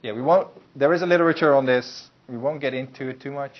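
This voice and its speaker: A man with a mid-range voice talks fast while lecturing a university class, keeping things loose and conversational with lots of fillers and restarts. The lecture recording is muffled, with a faint hiss.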